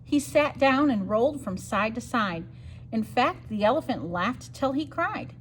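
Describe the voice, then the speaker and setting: A woman's voice: on the high side, lively intonation, measured pace, slight background noise. Sing-song woman reading a picture book. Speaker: storytime reader.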